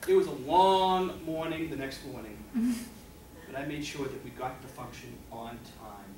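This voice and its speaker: A man's voice: mid-range voice, moderate pace. A man telling a funny personal story to a meeting audience, often laughing at himself. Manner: laughing, self-mocking storytelling. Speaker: club member telling an impromptu story. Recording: echoey meeting room from far off, loud noise.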